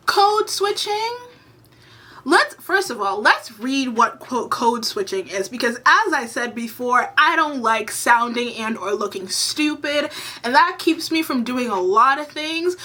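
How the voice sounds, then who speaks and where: A woman's voice: high voice, sharp tone. A woman giving opinionated commentary to her camera, blunt and exasperated, swearing freely. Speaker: commentary vlogger. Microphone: camera mic.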